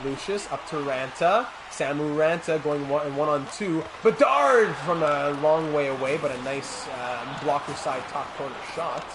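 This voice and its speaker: A man's voice: on the high side, a little slow, hardly any pauses, background noise. A man streaming a hockey video game, calling the action like a sportscaster and chatting with viewers between plays. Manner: mock sportscaster calls, asides to chat. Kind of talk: play-by-play commentary while gaming.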